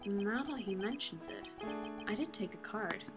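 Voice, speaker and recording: A woman's voice: medium pitch, animated, unhurried, music in the background, natural voice. A woman voicing an earnest, flustered young male defense attorney in an amateur game reading. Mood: dry.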